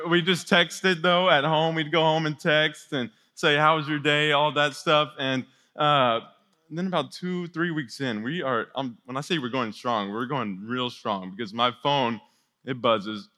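A young man leading a youth ministry, telling a personal story to teenagers in an energetic, chatty sermon. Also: medium pitch. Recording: long hall reverb.

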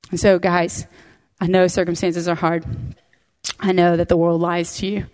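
A woman's voice: fairly low pitch, flat delivery, normal speed, a little mellow. A woman teaching a women's Bible study, emphatic, repeating key phrases and acting out prayers. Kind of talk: impassioned teaching to a women's group. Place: room with a women's group.

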